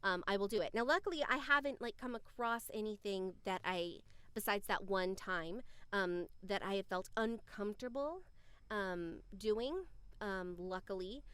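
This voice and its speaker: A woman who narrates audiobooks, co-hosting a podcast and explaining her views in a measured, thoughtful way. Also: mid-range voice, a bit bright, clear, resonant tone, no room sound. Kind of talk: casual discussion.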